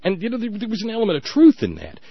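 A man's voice: sits high, huge pitch swings, racing, husky, no echo. A man hosts a casual political talk show in a wry, reflective storytelling manner. He leans on fillers as he winds through an anecdote. The audio is slightly dull and dry.

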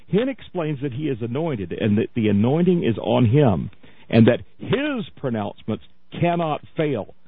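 A man's voice: medium pitch, very animated, moderate pace, slightly rough. A man hosting a radio talk show, chatty and mocking, often laughing as he tells a story. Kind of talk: casual radio commentary. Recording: tinny phone-like radio audio.

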